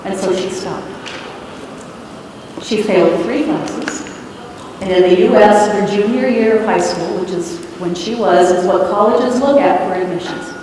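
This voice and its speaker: A middle-aged woman giving a parenting talk to a live audience, telling stories in a lively, playful way and putting questions to the room. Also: mid-range voice, measured pace, noisy background. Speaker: parenting speaker. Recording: echoey hall, heard from a distance.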